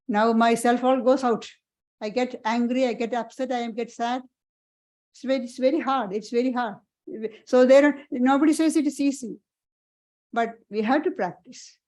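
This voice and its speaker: A woman monastic teacher giving a spiritual parlour talk, earnest and halting, often repeating and restarting her phrases. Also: on the high side, a little mellow, rough recording.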